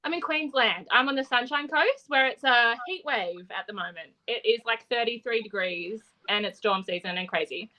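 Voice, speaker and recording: A woman with an Australian accent, chatting on a fan podcast panel in a relaxed way, thinking aloud as she talks. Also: on the high side, normal speed, few pauses, poor audio. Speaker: co-host panelist. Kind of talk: casual podcast chat.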